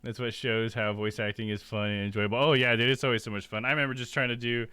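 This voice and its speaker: Bright-voiced laughing streamer host. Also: male voice, medium pitch, fairly even intonation, fast talker, clear, resonant tone, dry recording. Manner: laughing, enthusiastic, rambling. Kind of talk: casual live-stream chat.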